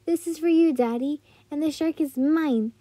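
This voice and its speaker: A woman's voice: high voice, measured pace, dark tone, no room sound. A woman voicing a sassy, pouty little girl who talks in a bratty, bouncy way. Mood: excited.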